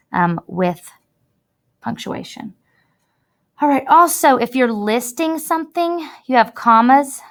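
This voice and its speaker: While recording her screen, a woman teacher delivers a chatty, emphatic writing lesson to her students. Her voice sits at a medium pitch, and she stretches out words as she demonstrates.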